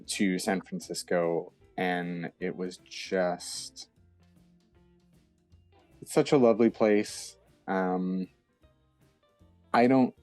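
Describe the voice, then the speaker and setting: Man, 30s, from the eastern United States, interview guest, deep voice, slow, full of ums, dry sound. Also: warm tone, dry recording. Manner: hesitant, many ums and restarts. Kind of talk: casual interview chat.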